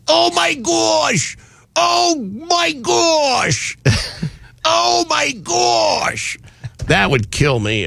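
A man's voice: mid-range voice, gravelly, fairly bright tone, dry recording. A man hosting a talk radio show, delivering mocking, sarcastic commentary on a studio microphone.

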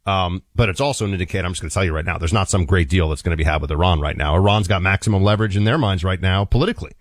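A man's voice: low-pitched, very fast, no room sound, clean studio sound. A man co-hosting a talk radio show, talking in a casual, emphatic and playful way, and also reading an ad live. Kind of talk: casual political radio chat and live-read ad.

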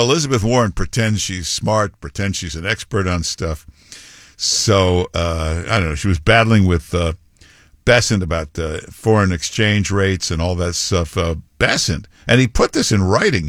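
A man's voice: low-pitched, a bit bright, dry recording, clean studio sound. A man hosting a talk radio show, giving blunt, scornful commentary in rambling asides.

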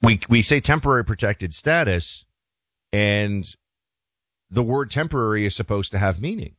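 A man's voice: lowish voice, expressive, normal speed, a bit bright, dry recording. A man hosting a talk show, giving an emphatic, opinionated monologue with folksy asides to the listeners.

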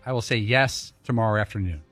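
A man co-hosting a sports talk show, dropping dry, deadpan jokes. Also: on the low side, fast talker, soft background music. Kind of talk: casual studio banter.

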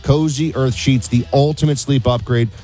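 A man's voice: medium pitch, moderate pace, soft background music. A middle-aged man co-hosting a political talk radio show, bantering with jokes and emphatic asides and reading an ad. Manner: animated, jokey, emphatic asides, mock accents. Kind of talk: casual talk radio banter and host-read ad.

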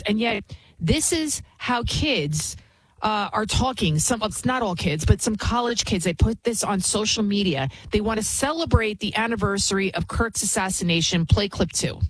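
A woman's voice: medium pitch, breathy edge, no room sound, rough recording. A woman hosting a political commentary show, talking in an indignant, scornful way with many restarts. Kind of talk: opinionated commentary monologue.

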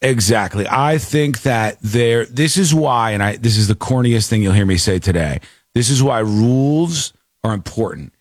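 A man's voice: mid-range voice, normal speed, no echo. Talk show host guy, ranting, voice jumping all over, dry close mic. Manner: animated, ranting, acts out quotes. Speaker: podcast host. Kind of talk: casual chat.

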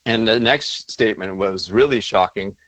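A man speaking as a guest author in a casual interview, halting, with many fillers and restarts. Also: on the low side, fairly bright tone, dry recording, poor audio.

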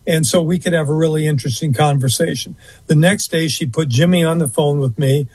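A husky man tells a long story as an interview guest, rambling a little and filling pauses with uh and um. His voice sits a touch high for a man. The sound is close and dry. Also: a little mellow, no room sound. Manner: rambling, fills pauses with uh and um, restarts. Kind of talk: anecdotal storytelling in conversation.

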